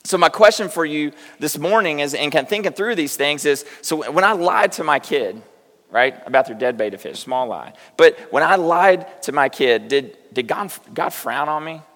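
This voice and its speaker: A man's voice: fairly high pitch, animated, moderate pace, a bit bright. A middle-aged male pastor giving a conversational sermon in a church, telling self-deprecating stories and asking the congregation direct questions. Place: church sanctuary. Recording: long hall reverb.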